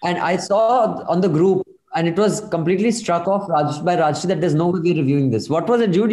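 Mellow-voiced male podcast host, roomy sound. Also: high voice, fairly quick, few pauses, a little hiss or hum. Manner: chatty, reads emails aloud with asides. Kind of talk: casual podcast chat, reading listener emails.

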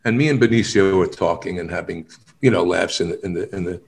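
A man, an actor, telling stories in a casual interview, animated, often laughing and acting out other people's lines. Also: low voice, quick pace, creaky.

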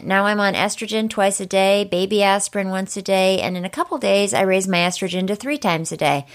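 A woman in her thirties hosts a comic podcast in a mid-pitched voice. She talks in an upbeat, confiding, chatty way, sharing personal updates with her listeners. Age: 30s. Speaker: podcast host.

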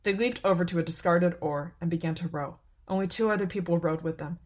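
A woman narrating a story in a calm, unhurried, even way. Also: lowish voice. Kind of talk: scripted narration.

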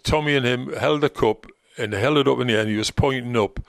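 An older man with a gravelly, fry-laden voice reminisces in a rambling, anecdotal way. He acts out the lines of people from his stories as he goes. The sound is dry and close. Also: medium pitch, fast, no room sound. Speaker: former football manager, guest. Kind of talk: anecdotal storytelling in conversation.

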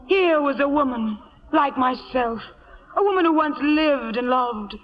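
A vain, melodramatic starlet. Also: female voice, high voice, lively intonation, measured pace, highs cut off. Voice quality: breathy, affected, dramatic. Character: vain, melodramatic glamorous female actress. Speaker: Lorraine, an actress. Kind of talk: 1940s radio acting. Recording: scratchy 1940s radio broadcast with reverb.

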